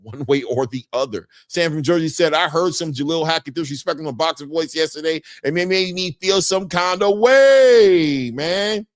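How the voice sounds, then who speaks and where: A man's voice: normal speed, hardly any pauses, dry recording. A man hosting a boxing live stream in casual chat, reading viewer comments aloud and often ending his lines with "man". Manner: animated, jumps in pitch when greeting viewers. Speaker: boxing show host.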